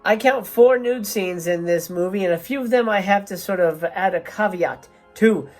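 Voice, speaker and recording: A woman's voice: mid-range voice, normal speed, darkish tone, soft background music. A woman hosting a movie review channel, delivering a profane, sarcastic rant in an emphatic, swearing manner. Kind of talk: profane ranting film review.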